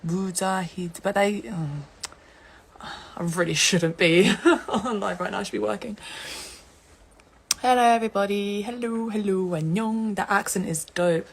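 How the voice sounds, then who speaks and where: Young woman, giggly live streamer, slightly low voice, laughs a lot. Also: unhurried, gravelly, breathy edge. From England. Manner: giggly and chatty, laughs often. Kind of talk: casual live stream chat.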